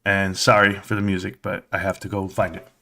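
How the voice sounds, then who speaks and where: A deep-voiced man with vocal fry runs a live stream from his home desk. He talks straight to viewers in a loose, rambling way, breaking into quick spurts of excitement.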